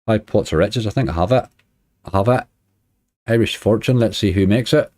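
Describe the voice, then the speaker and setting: A man's voice: lowish voice, normal speed, a little mellow. A man hosting a late-night slots live stream, chatting casually, greeting viewers and laughing often. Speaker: slot streamer.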